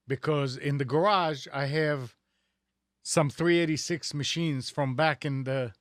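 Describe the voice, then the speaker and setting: A man's voice: medium pitch, no echo, studio quality. A man co-hosting a tech talk show, speaking casually in a rambling, sarcastic way with many restarts. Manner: rambling, sarcastic, self-correcting. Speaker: radio show host.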